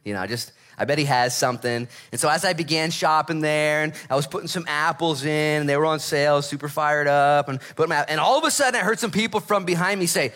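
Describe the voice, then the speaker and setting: A middle-aged man preaching a sermon as pastor, reading scripture and telling stories with lively acted voices. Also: fairly high pitch, quick pace, few pauses. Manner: animated storytelling with acted voices.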